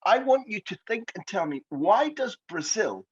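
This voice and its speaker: Scottish podcast host, husky, animated and playful, slightly dull lo-fi sound. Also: male voice, high voice, moderate pace. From Scotland. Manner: playful, jokey questioning. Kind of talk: podcast interview.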